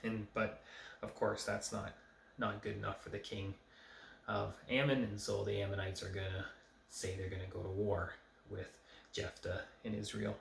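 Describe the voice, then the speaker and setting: A man giving an informal Bible study, talking in a conversational, hesitant way with many pauses and fillers. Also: on the low side, little pitch movement, vocal fry, roomy sound, a little hiss or hum. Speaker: Bible teacher.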